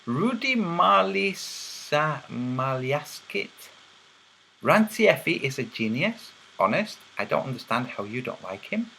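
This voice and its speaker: A man's voice: medium pitch, big pitch swings, moderate pace, vocal fry, hardly any pauses, a bit bright, slight background noise, poor audio. A man hosting a livestream, casually reading chat and teasing viewers with a mocking, laughing manner. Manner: teasing, mocking, laughs at his own jokes.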